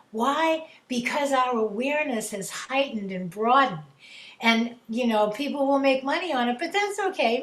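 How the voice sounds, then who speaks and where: A woman with a high, light voice leads a spiritual gathering over a video call, laughing easily as she talks. Her words swell into a preacher-like rhythm. The sound carries a noticeable room echo. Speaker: host leading a spiritual prayer session.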